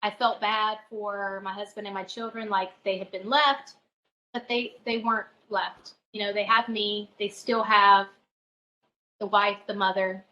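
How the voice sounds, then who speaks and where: A middle-aged woman, a spiritual advisor, tells a personal story as a podcast guest, earnest and halting, often restarting her phrases. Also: mid-range voice, steady tone, pushed and bright, dull audio.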